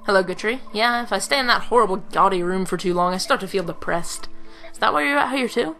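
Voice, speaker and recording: A woman's voice: medium pitch, quick pace, pushed and bright, faint music behind. Brief: earnest plain-spoken young male mercenary leader, voiced by a woman.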